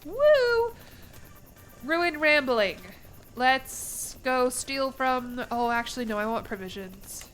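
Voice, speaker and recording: A woman's voice: on the high side, takes it slowly, fairly bright tone, a little hiss or hum. Chatty young woman streamer rambling. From United States. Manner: rambling, playful, laughs between lines. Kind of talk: casual game-stream chat.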